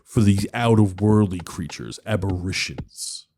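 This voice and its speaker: A man voicing a huge, gruff male minotaur blacksmith who speaks low, quiet and curt. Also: unhurried, a little hiss or hum. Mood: unimpressed.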